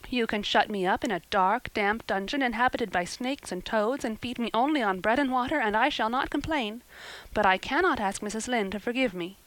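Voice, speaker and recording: A woman reading an audiobook, voicing a passionate, dramatic red-haired orphan girl who talks in high, impassioned, pleading bursts. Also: fairly quick, a bit bright, no echo, lightly acted, low-quality recording. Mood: defiant.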